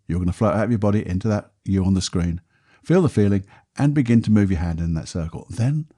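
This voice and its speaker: A man, a podcast host and therapist, talking a listener calmly through a guided exercise in a soft, unhurried voice. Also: on the low side, slightly rough. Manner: calm, soft, unhurried guiding voice.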